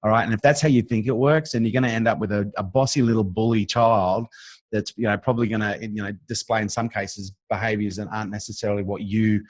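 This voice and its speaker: Middle-aged Australian man, blunt and sweary, rapid delivery, dry close-up sound. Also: on the low side, fairly even intonation, no echo. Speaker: interview guest, business strategist. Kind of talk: casual interview chat.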